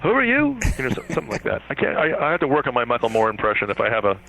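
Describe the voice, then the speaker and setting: A man being interviewed as a guest, talking in a rambling, animated way and laughing now and then. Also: mid-range voice, rapid-fire, gravelly, a crowd in the background. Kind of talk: interview over the phone. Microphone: phone. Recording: tinny phone line.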